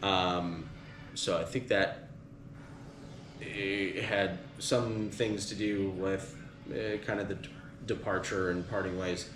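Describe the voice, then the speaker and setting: A deep-voiced man chats on a podcast and drifts through a long story full of ums and likes. The room is echoey, with a clear layer of background noise under him. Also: fairly even intonation, takes it slowly. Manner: rambling, many fillers, retelling band history. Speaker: podcast host. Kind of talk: casual podcast chat.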